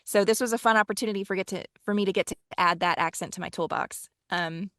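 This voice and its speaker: A woman's voice: medium pitch, quick pace, fairly bright tone, no room sound, clean studio sound. A woman from Texas with a Texan accent, an audiobook narrator chatting animatedly in an interview, with frequent ums. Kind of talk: casual interview chat.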